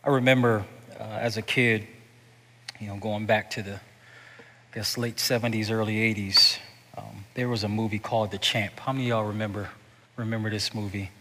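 Forceful preacher in an echoing hall. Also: male voice, fairly low pitch, steady tone, normal speed. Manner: repeats and restarts words, swings from hushed to loud. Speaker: pastor. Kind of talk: sermon. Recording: echoey hall reverb.

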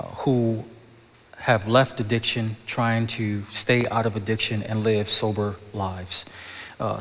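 A man's voice: lowish voice, a bit bright. Pastor guy preaching, keeps tripping over his words then gets fired up, big echoey church sound. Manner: stammering restarts, rising to impassioned peaks. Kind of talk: sermon. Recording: long hall reverb.

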